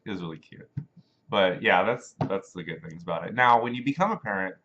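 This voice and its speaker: Man, casual monologue host, lively swinging pitch, rambling with fillers, dull lo-fi recording. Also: brisk. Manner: animated, rambling, with many fillers. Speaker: show host.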